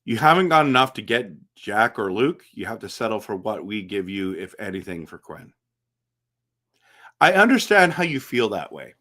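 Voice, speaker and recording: A man with a bright, forward voice hosts a relaxed live stream. He answers chat comments one after another, animated and chatty, and often restarts his sentences. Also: fairly low pitch, moderate pace. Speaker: livestream host reading chat.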